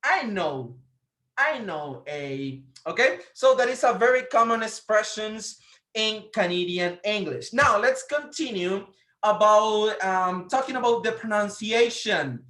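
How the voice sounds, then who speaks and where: A man's voice: sits high, lively intonation, measured pace, bright, forceful tone. A man presenting a lesson on how a variety of English is spoken, hesitant and full of fillers, often correcting himself. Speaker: presenter teaching about English pronunciation. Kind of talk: explanatory lesson. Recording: roomy echo.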